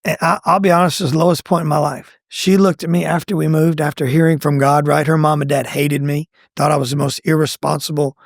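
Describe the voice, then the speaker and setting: A middle-aged man telling his own faith testimony in a conversational, animated way, acting out what people said. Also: a little fast, creaky, few pauses, no echo, clean studio sound. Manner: animated, acts out quoted lines with pitch jumps. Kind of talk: conversational storytelling.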